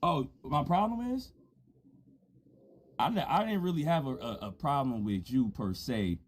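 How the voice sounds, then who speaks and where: A man's voice: medium pitch, expressive, measured pace. A man hosting a casual live stream, hyped and playful, heard from a stream recording with faint background noise.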